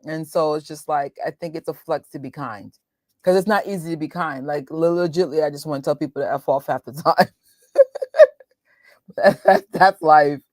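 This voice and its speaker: Casual New York woman in her thirties, talky stream host, low register, no room. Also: a little fast, darkish tone, no echo, studio quality. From New York, USA. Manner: chatty, laughing, quotes voices. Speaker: watch party host. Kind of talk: casual chat with live viewers.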